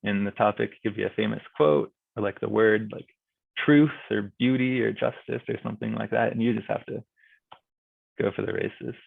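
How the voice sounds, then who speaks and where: A man's voice: on the low side, fairly even intonation, moderate pace, vocal fry, dry recording. A young man casually explaining how to judge speech events to a club meeting, filling his talk with "like" and "kinda". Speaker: guest speaker on speech and debate judging. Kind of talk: informal presentation at a virtual club meeting. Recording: thin phone-like video call audio.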